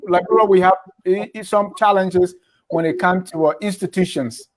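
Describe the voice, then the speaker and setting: A male interviewer with a fairly high voice welcomes his guest and asks about his movement. He often stops and restarts mid-question. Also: fairly even intonation, moderate pace, poor audio. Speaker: interviewer, host.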